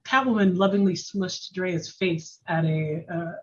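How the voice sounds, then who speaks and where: A woman guest on a podcast, telling anecdotes in a quick, chatty way. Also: fairly low pitch, highs cut off. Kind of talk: casual chat.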